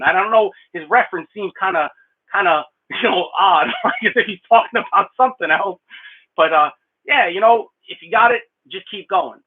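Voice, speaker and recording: Middle-aged guy rambling on a live stream, kinda husky, tinny phone-like sound, small room. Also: high voice, fairly quick. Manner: talkative, rambling, laughs often, thanks donors warmly. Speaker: blacksmith streamer answering viewer questions. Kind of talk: casual live stream chat.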